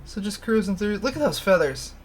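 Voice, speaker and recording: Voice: mid-range voice, lively intonation, brisk, slight background noise. A livestream host chatting casually, rambling and candid, laughing often and swearing freely. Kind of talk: casual stream chat.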